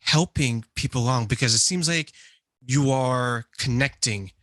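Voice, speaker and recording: A man hosting an interview, working his way through a question in a halting way. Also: mid-range voice, fairly bright tone, dry recording. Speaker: interview host.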